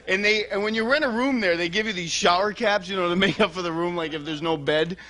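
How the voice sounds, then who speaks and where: A man from Michigan with a high, thin voice, doing stand-up and joking through his lines with a laugh. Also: fairly quick, bright, forceful tone. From Michigan, USA. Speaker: stand-up comedian and guest. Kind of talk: stand-up routine and talk-show chat. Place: television studio stage.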